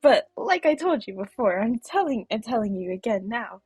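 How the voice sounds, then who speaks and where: A woman voicing a boastful, teasing male guardian angel with old-man energy while reading game dialogue aloud, in a gravelly, husky voice. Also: on the high side, big pitch swings, moderate pace, darkish tone, no echo, exaggerated voice. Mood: wheedling.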